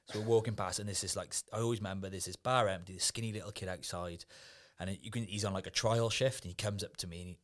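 A man's voice: low voice, fairly even intonation, quick pace, few pauses, fairly bright tone. A man chatting casually on a podcast, telling laid-back anecdotes and swearing freely. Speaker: guest, former Ibiza events worker. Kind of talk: casual podcast chat, storytelling.

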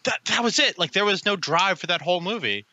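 A man's voice: high voice, lively intonation, quick pace, bright, forceful tone, no room sound. A man co-hosting a casual movie review podcast, rambling with lots of fillers. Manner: rambling, filler-heavy, laughs often. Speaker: podcast co-host.

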